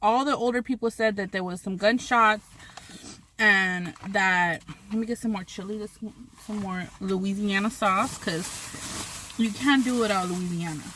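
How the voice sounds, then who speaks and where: A woman's voice: mid-range voice, steady tone, a little slow, bright, forceful tone, a little hiss or hum. A woman vlogger telling a story while eating on camera, rambling with many restarts and swearing freely.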